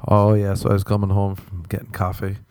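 Young guy podcasting solo, rambly and self-deprecating, low mellow voice, dead dry mic. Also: monotone, fairly quick, dry recording. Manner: self-mocking, meandering, swears casually. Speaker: podcast host. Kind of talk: rambling comedic monologue.

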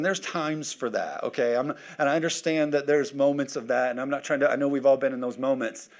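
A man in his thirties preaching a sermon as pastor, energetic and full of joking asides. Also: medium pitch, a little fast, hardly any pauses.

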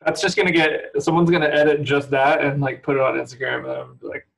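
A man's voice: a little high, little pitch movement, fast talker, gravelly, rough recording. A man from San Francisco chatting as a podcast guest, telling rambling stories with many fillers and laughs. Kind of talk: casual chat.

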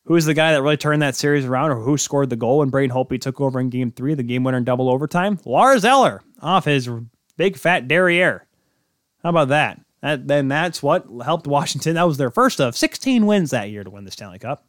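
A man's voice: medium pitch, lively intonation, brisk, dry recording, clean studio sound. A man hosting a sports podcast, talking casually on his own in a rambling, joking way and correcting himself as he goes. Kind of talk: casual solo sports talk.

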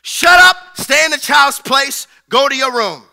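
A preacher acting out a stern parent who barks short commands at a crying child. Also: male voice, very high voice, animated, a little slow, creaky, sharp tone, pitched above the performer's own voice, heavily acted. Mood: scolding.

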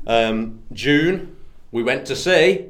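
A man co-hosting a casual podcast, talking in a loose, sweary, joking way at a mid pitch. His voice rings out in a roomy, echoey space. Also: lively intonation, slow pace, fairly bright tone. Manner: loose, sweary, jokey banter. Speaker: podcast co-host. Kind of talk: casual chat. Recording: roomy echo.

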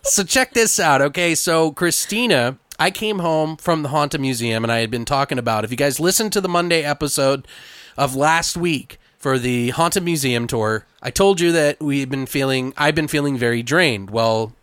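A man hosting a podcast, telling a story in casual chat, animated and trying not to swear. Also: a little high, normal speed, clear, resonant tone, no room sound. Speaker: podcast host.

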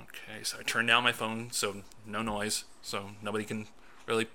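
A man co-hosting a casual podcast. He tells his story with animation and acts out his own reactions. His voice sits low, and his tone is very bright. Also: level tone, moderate pace, a little hiss or hum. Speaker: podcast co-host and film critic.

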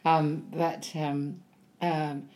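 In a low, monotone, slightly mellow voice, an actress talks extremely slowly during a relaxed interview. Her stories come with lots of ums, and she voices other people's words as she recounts them.

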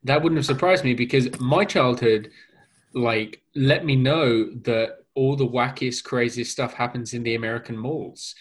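A man's voice: mid-range voice, moderate pace. A man in a casual chat over a video call, making playful, jokey asides.

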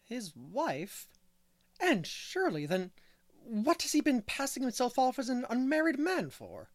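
A man voicing a stern, practical older woman with a brisk manner, in a dry audiobook reading. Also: very high-pitched, huge pitch swings, no room sound, pitched above the performer's own voice, full character voice.

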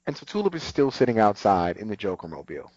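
A man chatting casually as a co-host, his pitch leaping around as he retells an episode and slips into quoted lines. The sound is dry and close, with a slightly dull, muffled tone. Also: fast, no echo. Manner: animated retelling, acts out quotes. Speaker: podcast co-host. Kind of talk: casual recap chat.

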